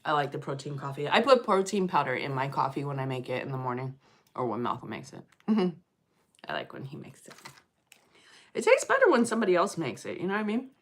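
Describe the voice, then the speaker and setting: A middle-aged woman chatting on a livestream, telling stories in a lively, fired-up way and greeting viewers by name. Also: sits low, fairly quick. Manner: animated storyteller, gets loud and fired up. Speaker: livestream host. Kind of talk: casual livestream chat.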